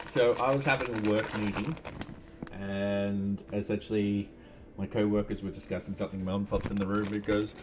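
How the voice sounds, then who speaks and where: Low-voiced man coding on stream. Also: noisy background. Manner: relaxed, thinks aloud with many fillers. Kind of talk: casual live-stream chat while coding. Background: faint music and keyboard typing.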